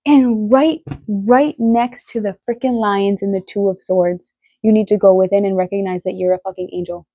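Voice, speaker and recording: A woman giving a casual tarot reading, excitable and emotional, swearing freely as she talks. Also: medium pitch, moderate pace, dry recording. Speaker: tarot reader.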